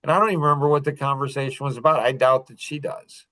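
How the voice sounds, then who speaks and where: A man's voice: medium pitch, fairly even intonation, fast talker, a bit bright. A middle-aged man hosting a podcast, telling a personal story in an earnest, confessional way with small laughs between phrases. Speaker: podcast host. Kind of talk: casual storytelling talk.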